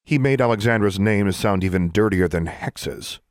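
In a lowish voice and at a moderate pace, a man narrates a fantasy audiobook with expressive storytelling. The scripted narration is captured as a dry, studio-quality recording.

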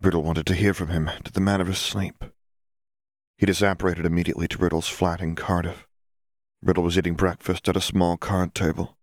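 A man reading a story aloud as narrator in a steady, deliberate way. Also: low-pitched, no echo, clean studio sound.

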